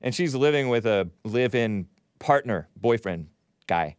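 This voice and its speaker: A man's voice: medium pitch, animated, a little slow, a little mellow, clear, resonant tone, no room sound, clean studio sound. A man hosting a talk show, delivering a casual monologue in a sardonic, mocking tone and laughing at his own remarks.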